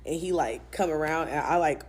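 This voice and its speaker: A young woman telling a storytime story in a casual, profane, animated way. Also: deep voice, moderate pace.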